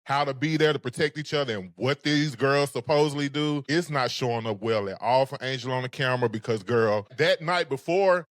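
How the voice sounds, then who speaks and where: A man co-hosting a casual recap show, talking in a sassy, animated way. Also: mid-range voice, a little fast, hardly any pauses, no echo, studio quality. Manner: sassy, animated, sings phrases. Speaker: podcast co-host.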